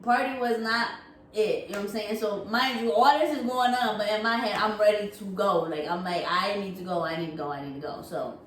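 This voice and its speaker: A woman co-hosting a couple's channel, telling a story in a casual, animated, laughing way with lots of slang and swearing. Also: mid-range voice, a little fast, a little hiss or hum. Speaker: co-host. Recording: echoey room, far from the mic.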